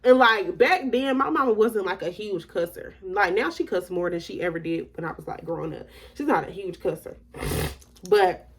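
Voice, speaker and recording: A young woman vlogger telling a story in a casual, animated way, acting out the other people in it. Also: medium pitch, moderate pace. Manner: animated, acts out quoted voices.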